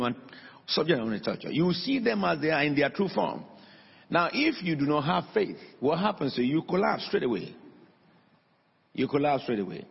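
A man's voice: a little high, vocal fry, slightly rough. A man preaching a sermon in a church hall, emphatic and calling out to his congregation. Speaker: pastor. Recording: dull lo-fi recording in a long-reverb hall.

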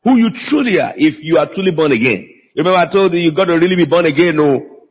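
A pastor with a slightly high, husky, expressive voice preaches at a quick pace, calling out emphatically and drawing responses from his congregation. The recording is echoey, made in a church hall, with a dull lo-fi sound.

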